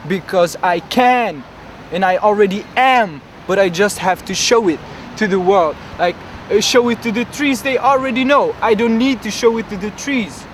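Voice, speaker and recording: A man's voice: sits high, normal speed, close to an everyday voice. A man playing a grandiose, dreamy young man with big ambitions, who rambles boastfully and fills his talk with hesitations in a comedic street interview. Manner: rambling, boastful, full of fillers. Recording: outdoor traffic noise.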